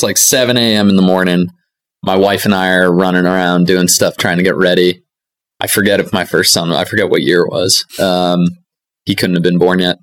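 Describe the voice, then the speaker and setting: A man hosting a podcast, telling a story in a casual, animated way. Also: deep voice. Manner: animated anecdotes with laughs and acted quotes. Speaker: podcast host.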